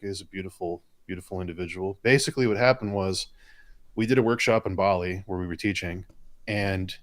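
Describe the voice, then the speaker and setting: Man, low voice, dry close sound, chatty and rambling, answers questions from chat. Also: no echo. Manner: chatty, rambling, enthusiastic storytelling. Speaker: comic artist and co-host. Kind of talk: casual live-stream chat answering viewer questions.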